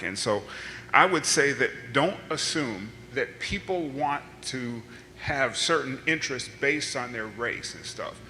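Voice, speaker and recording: Earnest man testifying, bright voice. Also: medium pitch, a little hiss or hum. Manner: earnest, conversational, many fillers. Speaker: public commenter. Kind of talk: public testimony at a hearing. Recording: reverberant hearing room.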